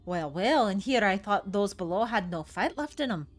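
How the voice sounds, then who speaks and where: Woman doing gruff dwarf chief, put-on scottish brogue, hearty and wary, middle pitch. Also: lively intonation, normal speed, faint music behind, close to an everyday voice. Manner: hearty, folksy, brogue-heavy.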